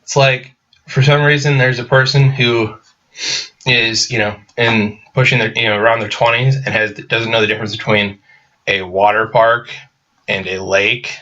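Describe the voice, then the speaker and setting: Male reviewer, sarcastic and rambling with restarts; bright, forceful voice on a muffled recording. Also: medium pitch, fairly even intonation, moderate pace. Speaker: movie reviewer. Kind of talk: casual video review.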